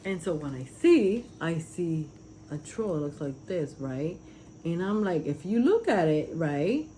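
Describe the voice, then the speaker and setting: A woman's voice: lowish voice, sing-song, a little slow, dark tone, a little hiss or hum, low-quality recording. A woman talking casually and earnestly, rambling with many fillers as she describes spiritual visions. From Puerto Rico. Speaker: vlogger sharing spiritual visions. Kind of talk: casual testimony.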